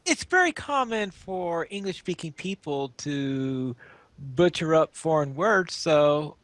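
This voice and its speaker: Fairly high-voiced man on a dry mic. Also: lively intonation, slow, fairly bright tone, no room sound. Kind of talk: casual podcast chat.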